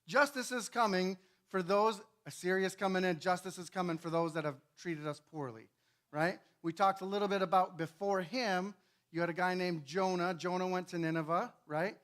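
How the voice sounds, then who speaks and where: Bright-voiced, conversational male pastor. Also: high voice, steady tone, brisk. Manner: conversational teaching, keeps checking in with listeners. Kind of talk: sermon. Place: church.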